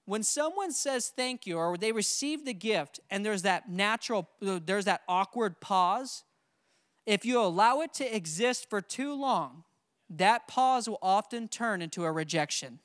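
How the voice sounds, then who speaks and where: Smooth-voiced man coaching a church crowd. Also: high voice, unhurried, no echo, studio quality. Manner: energetic, coaching the audience with call-and-response. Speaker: seminar presenter. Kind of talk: church training seminar.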